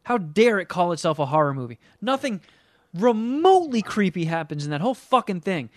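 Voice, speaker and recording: High-voiced man ranting profanely. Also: big pitch swings, a little fast, no room sound, clean studio sound. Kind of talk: casual comedic movie rant.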